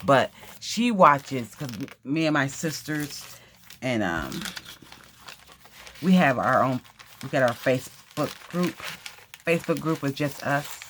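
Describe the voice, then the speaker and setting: A woman with a rumbling low, fairly bright voice chats casually at home while unboxing craft supplies for her vlog, and there's a faint hiss or hum in the recording. She's effusive, gasping and exclaiming over each item and repeating her phrases.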